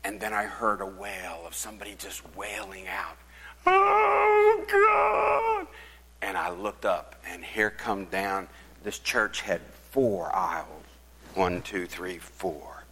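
An older man preaching a sermon as pastor, telling a story and swinging from loud proclamation to hushed whispers. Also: sits low, steady tone, unhurried, slightly rough, in a large hall, rough recording.

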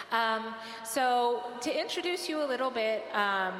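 A woman's voice: fairly high pitch, animated, takes it slowly, fairly bright tone. A woman leading an audience through a group exercise, cheerful and teacherly, laughing often. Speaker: missionary presenter. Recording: long hall reverb.

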